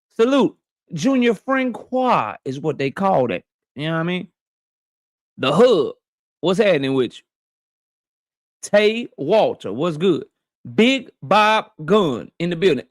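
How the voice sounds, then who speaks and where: High-voiced man hosting a slangy live stream. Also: no room sound, studio quality. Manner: loose, slangy shout-outs to viewers. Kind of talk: casual live stream chat.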